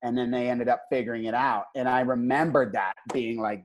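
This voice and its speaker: A man's voice: medium pitch, fairly even intonation, a little fast, slight background noise. A man in casual conversation, laid-back and laughing along with his guest. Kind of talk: casual chat.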